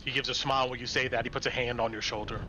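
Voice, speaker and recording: A man's voice: medium pitch, steady tone, very fast, background noise. A man narrating a tabletop game as game master in an easygoing, descriptive way.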